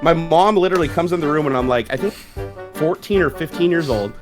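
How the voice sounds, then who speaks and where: A man telling a profane childhood story on a casual live stream, laughing often and animated. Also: a little high, fast, over music.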